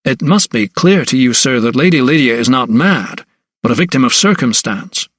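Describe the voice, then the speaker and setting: A man's voice: mid-range voice, lively intonation, normal speed, a bit bright, dry recording. An earnest young doctor, read by a male narrator, pressing his point with barely held-back agitation. The voice sits close and dry on the mic. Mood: urgent. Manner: urgent, strained.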